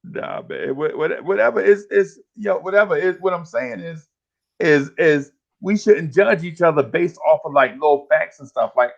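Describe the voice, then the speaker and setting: With a gravelly, slightly high voice at normal speed, a man in his 50s hosts a casual podcast, heard on lo-fi sound. He's a spirited storyteller who uses slang and acts out voices.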